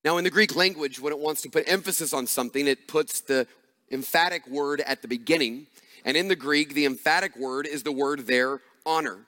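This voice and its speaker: High-voiced pastor preaching in a reverberant hall. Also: male voice, brisk, sharp tone. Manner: earnest preaching, repeats phrases for emphasis. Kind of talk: sermon.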